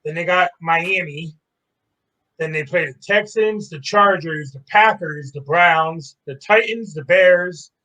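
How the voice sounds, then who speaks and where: A man's voice: on the high side, takes it slowly, bright, forceful tone, rough recording. A man co-hosting a sports podcast, casually running through teams and trades one by one.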